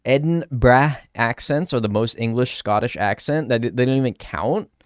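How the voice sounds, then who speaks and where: A man's voice: medium pitch, moderate pace, dry recording. A young man live-streaming a game, chatting casually and sarcastically with chat and swearing now and then.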